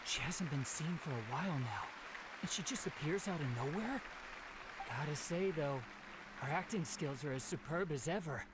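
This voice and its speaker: A man's voice: on the high side, expressive, moderate pace, heavy background noise, close to an everyday voice. A man voicing a curious bystander who talks in a wry, gossipy way.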